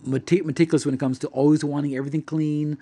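Halting husky man chatting casually. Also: fairly high pitch, flat delivery, warm tone. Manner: halting, many restarts and fillers. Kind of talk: casual chat about a film.

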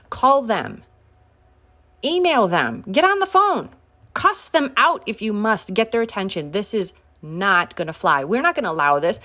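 Animated sarcastic woman. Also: mid-range voice. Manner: sarcastic, combative, rising to near-shouts on sharp points. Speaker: political commentator. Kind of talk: casual political commentary to camera.

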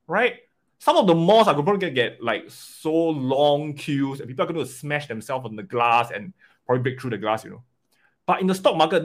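A man coaching an investing webinar live, animated and often checking in with "right?" and "okay?". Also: on the high side.

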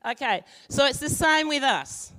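A woman giving a sermon, moving from an animated story with acted-out voices to calm teaching and prayer. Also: high-pitched, measured pace. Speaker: church speaker. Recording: long hall reverb.

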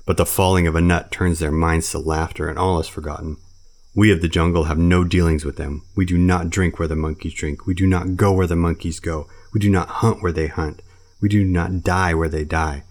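A stern yet tender old bear from a jungle storybook, played by a man reading. He lectures solemnly in a very low voice. He is firm, with a rumbling depth. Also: steady tone, fairly quick, lightly acted.

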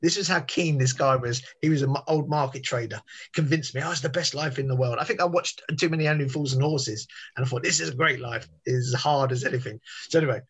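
A man's voice: mid-range voice, fast, a bit bright, slightly rough. A man, telling a rambling story in casual podcast chat. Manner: chatty, rambling with restarts and tangents. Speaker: podcast guest.

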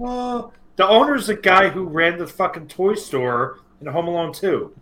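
A man co-hosting a podcast, chiming in with quick, crude jokes in loose casual chat. His voice sits a touch higher than most men's. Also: pushed and bright. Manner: crude, joking interjections. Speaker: podcast co-host.

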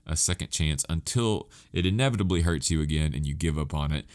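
Very deep-voiced rambling male podcaster. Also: a little fast, a little mellow, clean tone. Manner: rambling, self-mocking, goes off on tangents. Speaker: podcast host. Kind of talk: casual solo podcast chat.

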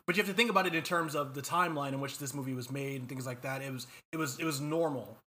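Bright, blunt man griping casually. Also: mid-range voice, fast, a little hiss or hum. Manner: blunt and profane, critical. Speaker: podcast co-host. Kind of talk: casual chat.

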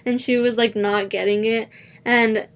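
A woman's voice: on the high side, little pitch movement, measured pace. A young adult woman telling a story in a casual chat, leaning on "like" as a filler. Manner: chatty, heavy use of "like" as filler.

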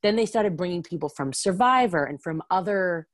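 A woman chatting casually about reality TV, full of "like" and quick asides. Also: fairly low pitch, expressive, no room sound. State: has the hiccups.

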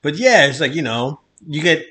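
A man's voice: fairly high pitch, sing-song, normal speed, bright, forceful tone. A man co-hosting a podcast as a comedian, in casual chat, joking and teasing with frequent laughs.

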